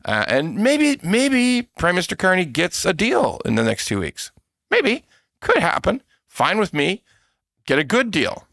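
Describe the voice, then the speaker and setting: This Canadian podcaster's voice is high-pitched and gravelly, and he takes his time even while animated. His casual political rant is full of laughter and mocking quotes of politicians, captured at studio quality with no room sound.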